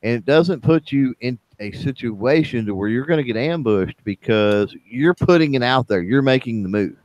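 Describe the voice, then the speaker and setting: A man co-hosting a casual online chat, speaking in a halting way with many fillers and restarts. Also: mid-range voice, expressive, darkish tone, no room sound. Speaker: livestream chat co-host.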